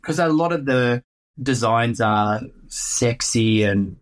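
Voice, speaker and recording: A man, a real estate agent answering interview questions in a playful, animated way. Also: medium pitch, slow.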